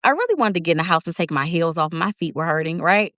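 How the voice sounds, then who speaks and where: A fast-talking woman in her thirties tells a personal story as a guest in a casual interview. She's animated, acting out her own quoted words with big pitch jumps, and the studio-quality recording has no echo.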